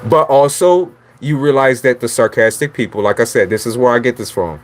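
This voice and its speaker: A man's voice: medium pitch, fairly quick. A man reading tarot who talks in a blunt, chatty way, swearing freely and laughing often as he rambles. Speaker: tarot reader. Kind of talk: casual livestream monologue.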